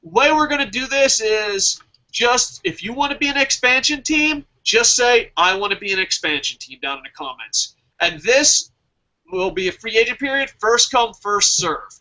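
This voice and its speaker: A man's voice: sits high, expressive, moderate pace, sharp tone, rough recording. A man hosting a fantasy wrestling draft show, talking in a casual, profane way and laughing at his own jokes.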